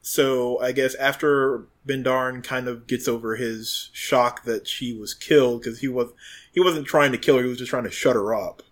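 A man's voice: mid-range voice, steady tone, normal speed. Casual male player thinking aloud. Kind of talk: tabletop game chat.

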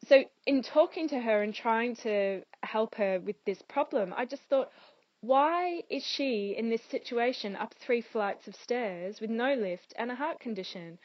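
A woman's voice: on the high side, no echo, highs cut off. A woman running for a council seat, answering interview questions in an earnest, thoughtful way with frequent ums. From Australia and England. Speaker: council candidate.

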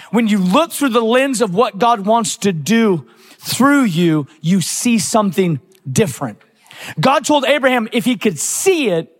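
A man pastor preaching a sermon, energetic, mixing personal stories with quoted prayers and scripture. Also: high-pitched. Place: church sanctuary. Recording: long church-hall reverb.

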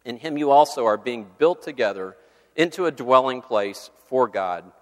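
A male campus minister giving a sermon with a measured, earnest delivery, reading scripture and praying. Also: medium pitch, lively intonation. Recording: long hall reverb.

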